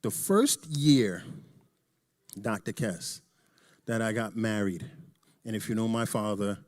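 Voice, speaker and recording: A middle-aged man giving a candid, joking talk to a church audience, swinging between loud emphasis and quiet asides. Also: on the low side, unhurried. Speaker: church presenter.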